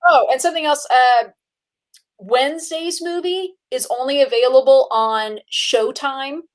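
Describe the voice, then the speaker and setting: A young woman chats eagerly about movies, her voice sitting a little high. She talks in bursts full of fillers and laughs, sounding like a relaxed podcast co-host. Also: measured pace. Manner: chatty and excitable, with frequent fillers and laughs. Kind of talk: casual movie chat.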